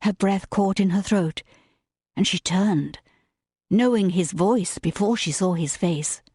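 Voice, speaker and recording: Slow, breathy woman narrating a romance audiobook. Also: mid-range voice, dry recording, studio quality. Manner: slow, measured, gentle. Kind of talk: scripted narration.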